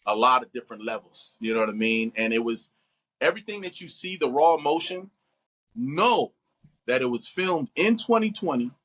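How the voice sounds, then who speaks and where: A middle-aged man, an actor, talking animatedly in an interview and acting out quoted voices. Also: moderate pace. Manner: expressive, acts out quotes with big pitch jumps.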